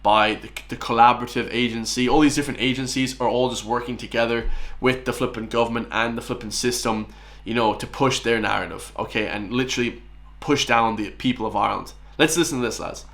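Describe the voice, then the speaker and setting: A man's voice: mid-range voice, fairly even intonation, fairly quick, fairly bright tone. Scornful twenty-something man ranting. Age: 20s. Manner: combative, scornful, addresses viewers as lads and guys. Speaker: reaction commentator. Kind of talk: ranting reaction commentary.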